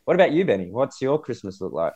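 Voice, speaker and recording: Animated male co-host, playful jokes, a bit hesitant, relaxed chat. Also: mid-range voice, fast talker. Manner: joking, hesitant. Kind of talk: casual chat.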